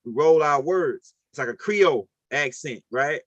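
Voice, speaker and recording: A man's voice: fairly high pitch, lively intonation, a little slow, dry recording, highs cut off. Rambling New Orleans man lecturing. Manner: rambling, repetitive, with frequent "right?". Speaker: host of a call-in talk. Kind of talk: casual lecture.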